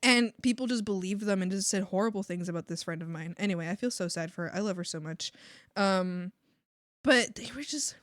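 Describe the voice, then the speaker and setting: Young woman, casual livestream chat, animated, rambling, dry close sound. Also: medium pitch, fairly quick, no room sound. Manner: rambling, animated, swears and laughs often. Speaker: artist streamer.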